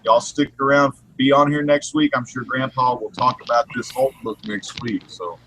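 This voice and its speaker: A man's voice: medium pitch, moderate pace, sharp tone, slight background noise, rough recording. A man hosting a comics live stream, laid-back, reading out the chat.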